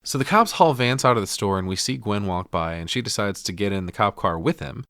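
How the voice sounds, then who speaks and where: A middle-aged man casually recapping a film, swearing, laughing and slipping into quick impressions. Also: fairly low pitch, animated, creaky, fairly bright tone, no echo, studio quality. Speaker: podcast co-host.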